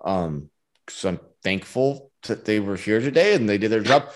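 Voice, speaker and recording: A man's voice: lowish voice, animated, normal speed. A man, a business owner, telling stories in casual podcast talk and acting out quoted dialogue, laughing often.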